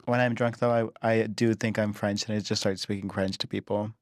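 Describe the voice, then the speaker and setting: A man's voice: lowish voice, little pitch movement, no room sound, studio quality. A young man hosting a casual podcast interview, playful and chatty. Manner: playful, chatty, quick to laugh. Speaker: podcast host.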